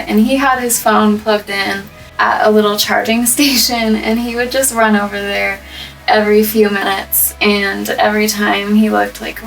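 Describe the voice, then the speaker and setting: A woman's voice: on the high side, creaky. Chatty young woman, mic a bit distant. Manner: chatty, laughs often, trails off and restarts. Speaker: vlogger. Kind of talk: casual story time while coloring hair. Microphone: microphone placed up by the camera.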